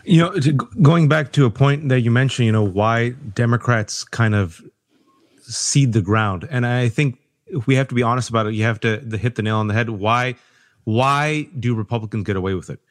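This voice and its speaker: An impassioned man making his case on a podcast panel. He talks in fast, emphatic bursts with an animated delivery and slips into voices to mimic people. His pitch sits in a middle range. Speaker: panel guest. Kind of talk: impassioned political podcast discussion.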